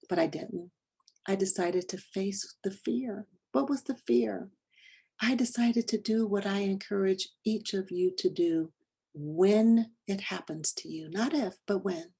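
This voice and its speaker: Presenting a lesson, a middle-aged woman tells a personal story with animation, acting out the dialogue and sometimes sinking to a whisper. Her voice is fairly low and carries a breathy edge.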